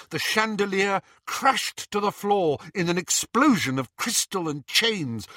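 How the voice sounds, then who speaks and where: A man's voice: fairly high pitch, no room sound, studio quality. A man narrating a fantasy story aloud, reading dramatically and voicing the characters. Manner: animated, dramatic reading with voices. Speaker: audiobook narrator.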